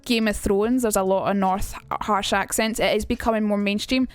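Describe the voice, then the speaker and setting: A woman's voice: mid-range voice, fairly even intonation, moderate pace, soft background music. Chatty sweary Glaswegian woman. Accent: Glaswegian Scottish. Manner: chatty, sweary, reads out chat. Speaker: streamer. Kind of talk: casual live-stream teaching.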